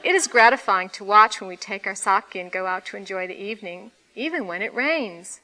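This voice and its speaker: A woman's voice: medium pitch, animated, a little fast, rough recording. A woman voicing a cheerful, kindly old man in his seventies who talks in an easy, delighted, chatty way. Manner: easygoing, delighted, gently chatty.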